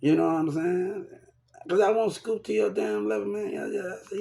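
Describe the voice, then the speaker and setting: A man's voice: high voice, sing-song, moderate pace, vocal fry, warm tone, slight background noise. A young man talking in a rambling, repetitive and profane way, venting about people in his life in a casual rant to camera. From Texas.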